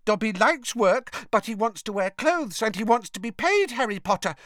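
A man reading an audiobook, voicing an excitable male house elf who squeals and keeps saying sir. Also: normal speed, dry recording, clean studio sound. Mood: excited. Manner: squealing, shrill and excited, calls everyone sir. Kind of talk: audiobook character voice.

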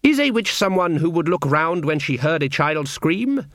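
Guy doing a scolding old granny, quaint country talk, lively up and down. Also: on the high side, normal speed, no echo, studio quality, pitched above the performer's own voice. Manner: scolding, old-fashioned rustic speech. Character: scolding old grandmother, rustic and fierce.

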